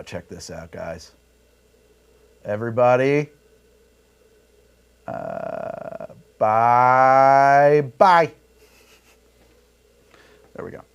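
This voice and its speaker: A man's voice: lowish voice, husky. A man hosting a livestream while mixing drinks, rambling and heated, swearing freely and laughing often into a studio mic. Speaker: livestream host making drinks. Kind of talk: casual livestream chat. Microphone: studio mic through a mixer rig.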